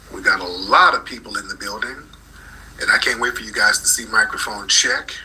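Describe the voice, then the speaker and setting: A man's voice: on the low side, bright, forceful tone, a little hiss or hum, low-quality recording. A man hosting a live call-in talk room, combative and repeating his points insistently.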